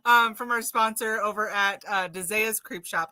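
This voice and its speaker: A woman's voice: mid-range voice, moderate pace, over loud music. A woman hosting a casual interview, giggly and laid back, swearing freely. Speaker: host.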